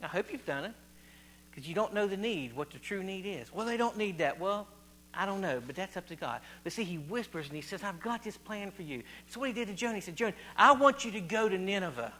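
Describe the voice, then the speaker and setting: A man's voice: high voice, animated, a little fast, a bit bright, slight background noise. A man from Virginia, preaching an informal sermon and quizzing the congregation with repeated questions. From West Virginia. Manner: chatty, quizzes the audience, repeats phrases.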